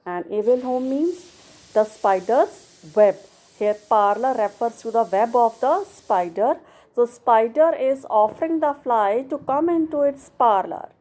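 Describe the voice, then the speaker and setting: Slow, patient woman tutor, Indian English. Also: on the high side, expressive, dark tone. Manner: slow, patient, step-by-step explaining. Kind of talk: poem explanation lesson.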